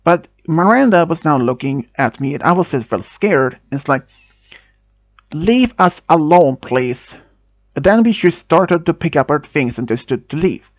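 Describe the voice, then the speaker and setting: A man whose first language is Swedish tells a first-person story, halting with restarts and non-native phrasing. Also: on the high side, animated, no room sound.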